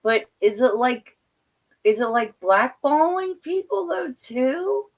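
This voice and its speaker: A woman's voice: sits high, animated, slow pace. A woman hosting casual panel talk on an online stream, chatty and questioning, and laughing often.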